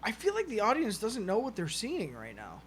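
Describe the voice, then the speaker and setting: A man's voice: high-pitched, huge pitch swings, moderate pace, a bit bright, slight background noise. Easygoing man calling wrestling moves. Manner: laid-back, joking, calls moves as they happen. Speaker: podcast co-host. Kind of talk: casual watch-along chat with play-by-play.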